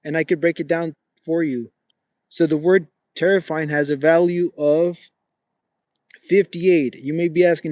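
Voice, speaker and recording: A man's voice: on the high side, fairly even intonation, unhurried, a little mellow, no room sound. A young man hosting a casual livestream while he walks, chatting with viewers and calling them bro. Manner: talks to chat viewers, says bro often; walking with a gimbal. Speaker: livestream host.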